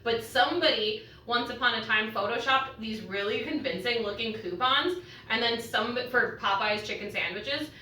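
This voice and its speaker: A woman's voice: fairly high pitch, normal speed, sharp tone, distant mic, slight background noise. A young woman vlogging casually while she cooks in her home kitchen, joking and swearing freely, her eyes teary from cutting an onion. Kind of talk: casual chat while cooking. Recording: echoey room, mic set back.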